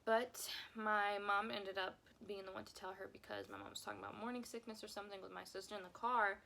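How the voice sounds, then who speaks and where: A woman's voice: mid-range voice, fairly even intonation, quick pace, creaky, sharp tone. A young woman telling a personal story time on her vlog, emotional and rambling, often repeating herself. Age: young adult. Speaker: vlogger.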